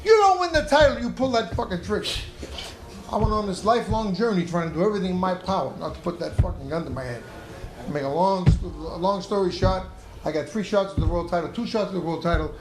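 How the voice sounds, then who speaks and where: A man's voice: sits high, roomy sound. A middle-aged man, a podcast guest and former boxer, telling profane stories live on a club stage and acting out the people in them. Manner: profane, animated, acts out the people in his stories. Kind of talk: live storytelling. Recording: noisy live club recording.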